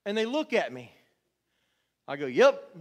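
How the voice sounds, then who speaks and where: A middle-aged male pastor preaching a sermon in church, repeating his words and building to shouts. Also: extremely high pitch, measured pace. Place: church sanctuary.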